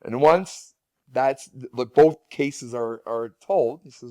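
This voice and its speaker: A man's voice: mid-range voice, takes it slowly, a little mellow, no room sound, studio quality. A man who is a guest speaker and parent, telling stories in a casual interview with many restarts and repeated words.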